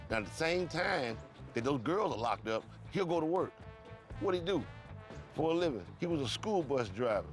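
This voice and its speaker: A man's voice: fairly high pitch, fairly bright tone. A man from Cleveland telling his story in an interview, profane and acting out the dialogue, repeating words in bursts. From Cleveland, USA.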